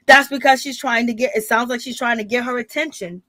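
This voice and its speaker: A woman's voice: on the high side, moderate pace, no echo. Sassy gossiping woman, dry close mic. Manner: animated, laughing, sassy slang. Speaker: reality TV recap commentator. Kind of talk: casual gossip recap.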